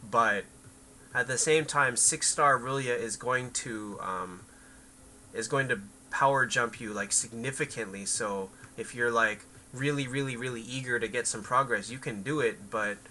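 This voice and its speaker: A man's voice: medium pitch, normal speed, pushed and bright, slight background noise, rough recording. A man chatting casually on a game livestream, rambling to his viewers and his cat. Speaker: game streamer.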